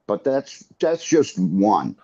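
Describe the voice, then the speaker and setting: Halting male caller on a dull line. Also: lowish voice, very animated, mellow. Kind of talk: call-in discussion.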